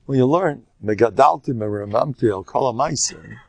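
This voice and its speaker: An older rabbi teaches a Torah class through stories, hopping from one tale to another and animatedly acting out the people he quotes. His gravelly, husky voice is mid-range at a normal speed, with no room sound.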